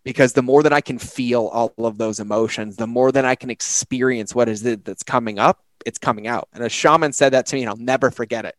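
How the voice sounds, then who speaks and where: A man in recovery chatting on a podcast, telling personal stories with lively acted-out quotes. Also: mid-range voice, quick pace, hardly any pauses, no echo. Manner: animated storyteller, acts out quotes. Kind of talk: casual conversation.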